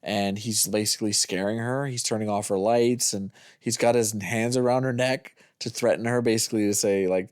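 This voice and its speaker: A man's voice: fairly low pitch, steady tone, normal speed, few pauses, darkish tone, no echo, studio quality. A man co-hosting a movie review podcast in casual chat, rambling as he retells scenes and swears freely. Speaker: podcast co-host.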